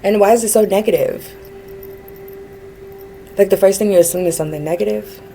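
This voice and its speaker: A woman's voice: medium pitch, a little fast, creaky, dark tone, faint music behind, poor audio. A woman vlogging a rambling personal rant, earnest and frustrated, with many fillers and restarts.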